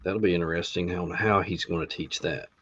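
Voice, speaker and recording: Low-voiced man reading a schedule. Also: steady tone, a little fast, a bit bright, husky. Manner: reads out a class list with many ums and uhs. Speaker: podcast co-host. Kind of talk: casual podcast chat. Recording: dull lo-fi sound.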